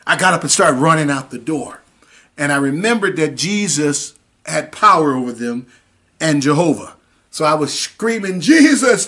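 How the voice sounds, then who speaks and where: Delivering an internet sermon, this man weaves scripture together with a dramatic personal testimony, telling it folksily and performing different voices. He's a minister with a medium-pitched voice that is creaky, husky and a bit bright.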